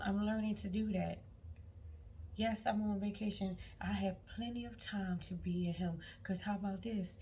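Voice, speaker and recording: A woman's voice: fairly low pitch, creaky, dark tone, a little hiss or hum. A woman vlogger talking about faith to her viewers, emphatic and repeating herself, breaking into prayer as she goes. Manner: emphatic, repeats words, prays aloud mid-talk. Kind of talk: spontaneous faith talk to viewers. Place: on vacation.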